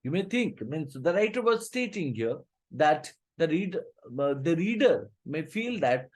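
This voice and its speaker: Give me a teacher explaining slowly. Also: male voice, on the high side, big pitch swings, a little mellow. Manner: rereads lines, then paraphrases them with many "means, uh" fillers. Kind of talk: explaining a literature text to a class.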